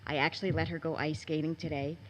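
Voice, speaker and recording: A woman's voice: low-pitched, little pitch movement, fast, slight background noise, poor audio. Emotional pleading mother at a meeting. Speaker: parent giving public comment. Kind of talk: emotional public comment at a board meeting.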